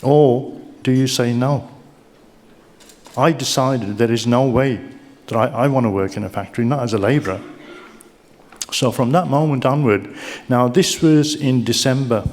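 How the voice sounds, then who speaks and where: In a big awards event hall with long reverb, an older man with a Birmingham accent gives a keynote full of stories and banter with the audience. His voice is mid-range and darkish, and he keeps a moderate pace.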